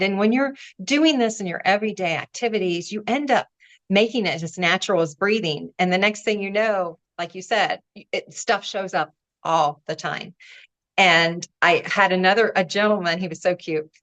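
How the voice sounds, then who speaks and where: Animated woman guest telling stories. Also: mid-range voice, normal speed. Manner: warm, animated storyteller, acts out quoted voices, laughs between lines. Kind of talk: storytelling in an interview.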